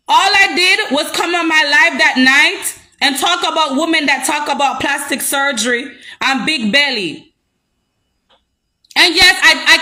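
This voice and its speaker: Young jamaican woman going off on her live, high voice, sharp and bright, keeps hammering the same points. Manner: heated, confrontational, repetitive. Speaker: social media personality. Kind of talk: live-stream rant.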